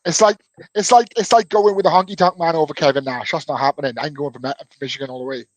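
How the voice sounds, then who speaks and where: Male co-host, light jokey rambler with a somewhat high voice, dry recording. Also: steady tone, quick pace, no room sound. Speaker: podcast co-host. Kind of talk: casual sports podcast chat.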